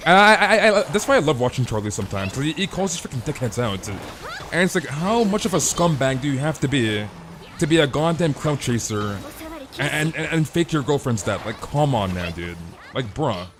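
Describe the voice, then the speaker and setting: A man's voice: fairly high pitch, noisy background. Ranting streamer guy saying "dude" a lot. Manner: swears and repeats himself. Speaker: game streamer. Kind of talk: casual stream chat.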